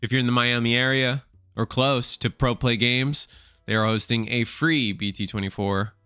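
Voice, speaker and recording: Male streamer, mid pitch, smooth voice, dry close mic, loose rambling delivery, worn out. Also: steady tone, normal speed, bright, forceful tone, dry recording, soft background music. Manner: rambling, casual, swears freely. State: tired, burnt out. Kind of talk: casual live-stream chat.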